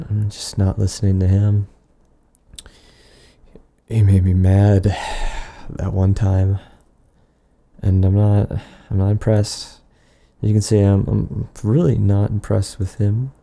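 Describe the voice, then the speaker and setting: A man delivering an improvised, absurd comedy monologue in a rambling, deadpan way, often trailing off and restarting. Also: lowish voice, gravelly.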